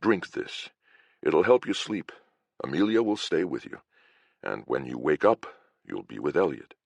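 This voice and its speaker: A man voicing a gruff, profane and irritable male healer who speaks bluntly and snarls when angry. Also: a bass voice, sing-song, a little slow, dry recording, full character voice.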